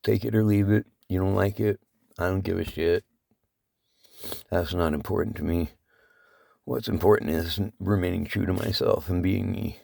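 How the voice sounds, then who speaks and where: A man vlogging through tears, swearing and rambling, his voice cracking and breaking high as he speaks from the heart. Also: steady tone, normal speed, vocal fry, long pauses, dark tone, dry recording. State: crying. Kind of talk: emotional casual vlog talk.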